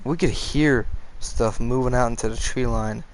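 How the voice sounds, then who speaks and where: A man narrating a frightening tale in an offhand, conversational way. His voice sits at an ordinary middle pitch. He breaks off into side comments and bends his swearing into mild stand-ins. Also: moderate pace, poor audio. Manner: casual, swears with softened words, goes off on tangents. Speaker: storyteller reading scary stories. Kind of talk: casual narration of a scary story.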